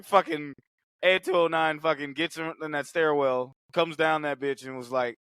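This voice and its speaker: A man with a bright, forceful voice sits close to a dry microphone, recapping a film in casual podcast chat. He swears constantly, tells it loosely and throws himself into the lines he quotes. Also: on the high side, steady tone, normal speed, clean tone, no room sound. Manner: profane, loose storytelling, acts out quotes loudly. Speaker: podcast co-host.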